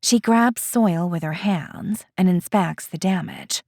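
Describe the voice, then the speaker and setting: Woman audiobook narrator, slow and expressive, dry studio read. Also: lowish voice, dry recording. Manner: measured, expressive storytelling.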